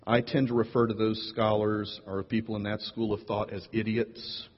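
A man's voice: on the low side, flat delivery, moderate pace, in a large hall, highs cut off. A man preaching a sermon as pastor, with wry, playful asides.

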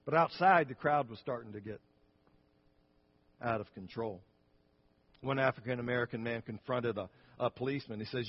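A man's voice: medium pitch, moderate pace, long pauses, muffled recording. A man pastor preaching a sermon, telling a story earnestly and often restarting his phrases.

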